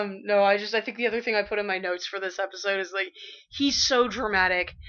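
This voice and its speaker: Bright-voiced woman co-hosting a radio chat. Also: medium pitch. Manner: quick agreeing remarks, laughs easily. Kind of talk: casual anime discussion. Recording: dull lo-fi internet radio stream.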